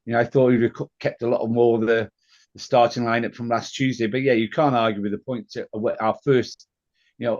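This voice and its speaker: A man's voice: mid-range voice, a little mellow, dull audio. A man co-hosting a casual football podcast, hesitant and chuckling, with many fillers. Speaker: podcast co-host.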